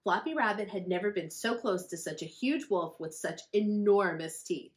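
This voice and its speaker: A woman, a children's librarian, reading a picture book aloud to children in a friendly, expressive storytelling manner. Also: mid-range voice, moderate pace.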